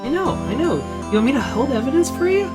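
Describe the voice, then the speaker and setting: A man's voice: big pitch swings, fast, loud music behind the voice. A man voicing a jolly, sassy teenage girl who teases her older sister, in a fan dub of a game. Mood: teasing. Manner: teasing, bubbly, high-spirited.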